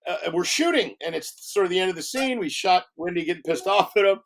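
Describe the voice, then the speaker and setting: Man, high voice, animated, laughing, acting out quotes, director telling a story. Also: quick pace, vocal fry, slight background noise. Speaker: film director, guest. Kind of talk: storytelling in a podcast interview.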